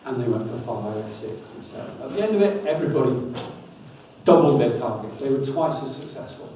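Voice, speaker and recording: A man giving a lively talk on dyslexia, coaxing the audience through activities with wry asides. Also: medium pitch, fairly quick, recorded from a distance. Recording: echoey hall, speaker off-mic, faint room hum.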